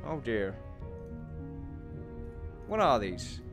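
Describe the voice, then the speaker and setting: A young man chatting through a building game in a loose, rambling way, often laughing at himself. His voice is animated and swings widely in pitch. Faint background music plays under his talk. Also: extremely slow. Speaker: gaming commentator. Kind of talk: casual let's play commentary.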